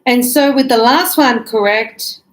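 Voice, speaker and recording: A woman's voice: on the high side, measured pace, rough recording. A woman teaching English in a casual, chatty way, acting out everyday scenes and filling gaps with little sound effects.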